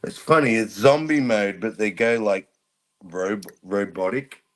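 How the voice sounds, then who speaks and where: A man bantering on a livestream panel, taking his time with each phrase. His teasing comes out in an unhurried, easy drawl. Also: lowish voice. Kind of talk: casual chat.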